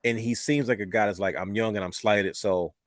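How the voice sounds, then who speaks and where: Here a podcast co-host talks wrestling casually in a fairly quick, lowish voice with fairly flat intonation. The studio-quality audio has no room sound, and he rambles, repeats words and says "you know what I mean."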